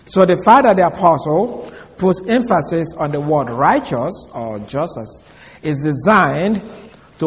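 A man's voice: a little high, big-room sound, rough recording. A man giving a Bible study lecture, explaining step by step and spelling out words letter by letter. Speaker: Bible teacher.

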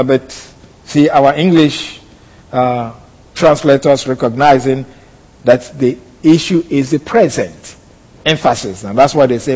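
A man preaching an expository sermon, explaining a text and slowing down to stress key words. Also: a little high, breathy edge. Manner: teaching, with sudden slow emphatic stretches. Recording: long hall reverb.

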